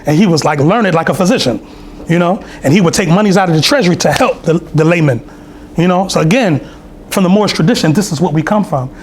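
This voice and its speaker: A man's voice: fairly high pitch, fast talker, slight background noise. A man giving a loose, storytelling sermon with lots of asides and fillers at a temple meeting. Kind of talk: conversational sermon. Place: temple hall.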